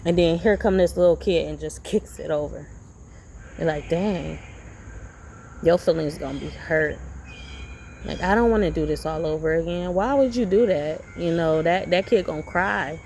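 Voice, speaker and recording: Gravelly-voiced woman preaching in a vlog. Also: fairly low pitch, moderate pace, a little mellow, a little hiss or hum, poor audio. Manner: rambling, preachy, repeats herself. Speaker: vlogger. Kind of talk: casual motivational monologue.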